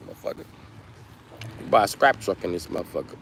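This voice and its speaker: A middle-aged man livestreaming, talking casually to his chat and loudly roasting viewers with heavy profanity. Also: low voice, lively intonation, fast, creaky, long pauses, a little hiss or hum. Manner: profane, loud trash-talking and roasting of chatters.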